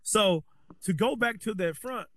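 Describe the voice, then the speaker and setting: A man's voice: high voice, unhurried, a bit bright, no echo. Earnest man chatting, dry sound. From American Deep South. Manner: earnest, rambling, repeats words when starting sentences. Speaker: host. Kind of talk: casual conversational chat.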